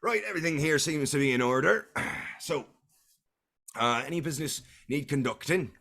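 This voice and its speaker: A gruff, blunt sea captain with a brisk sailor's way of talking, as a man puts him on. The voice is pitched up and loud, and his pitch jumps around a lot from line to line. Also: lively intonation, exaggerated voice.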